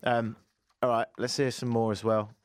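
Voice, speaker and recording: A man's voice: mid-range voice, little pitch movement, normal speed. A man hosting a talk radio show, chatting casually with a dry, self-mocking wit from a studio. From England. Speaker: radio host. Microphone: studio mic.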